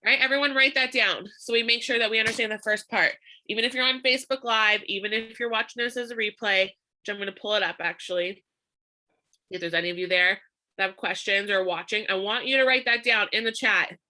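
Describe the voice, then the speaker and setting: A woman's voice: medium pitch, steady tone, brisk, sharp tone. A woman leading a live online social media training, upbeat and emphatic, laughing often as she talks.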